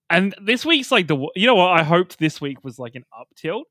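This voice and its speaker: A man with a bright, fairly high voice, ranting hard and swearing constantly. He co-hosts a casual podcast and sounds dry and close to the mic, with no room sound. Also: sing-song, a little fast, few pauses, dry recording. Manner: ranting, heavy swearing, exasperated. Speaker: podcast co-host. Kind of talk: casual podcast review chat.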